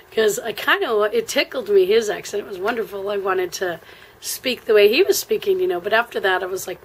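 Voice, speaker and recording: A woman with an American accent telling a travel story in a casual, rambling way, with lots of fillers and frequent throat clearing. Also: mid-range voice, normal speed, a bit bright, low-quality recording.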